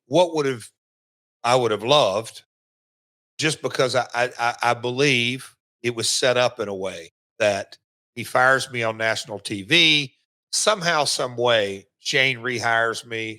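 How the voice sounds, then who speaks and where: A middle-aged man with a Southern accent, hosting a podcast and reminiscing in casual chat, often pausing with fillers and restarts. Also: medium pitch, pushed and bright. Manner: halting, lots of fillers and restarts. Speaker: podcast host, former wrestler.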